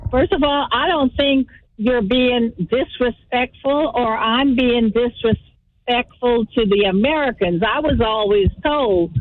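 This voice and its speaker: A woman with a Guyanese accent calling in by phone, explaining her views in a measured, thoughtful way. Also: a little high. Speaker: caller, host's cousin. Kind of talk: phone-in conversation. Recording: tinny phone line.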